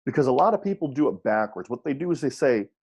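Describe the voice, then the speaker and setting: A man giving an audio coaching seminar, repeating his points and checking in with listeners through quick rhetorical questions. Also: mid-range voice, sing-song, darkish tone, husky. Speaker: wrestling coach.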